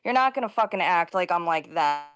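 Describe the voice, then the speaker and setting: A woman's voice: lowish voice, animated, fairly quick, fairly bright tone, clean tone, no room sound, studio quality. A woman arguing defensively in a casual, heated way, insisting on her point and swearing.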